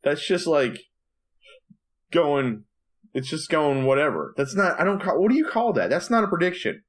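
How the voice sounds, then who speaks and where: A man co-hosting a podcast, telling stories in casual chat and acting out quotes in low mumbling voices. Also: very animated, normal speed. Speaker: podcast co-host, preacher.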